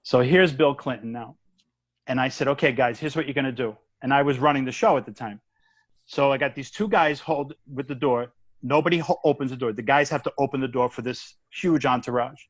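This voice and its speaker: A man, a guest comedian, telling a story in a casual chat, animated and acting out the voices and the punchline. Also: medium pitch, fairly quick, no room sound. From United States.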